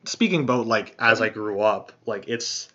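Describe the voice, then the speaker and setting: Thinking out loud, a podcast host rambles and loops back through a long, profane personal story. His voice is bright, forceful, fairly low, and expressive, at a moderate pace. The lo-fi recording sounds dull and has slight background noise.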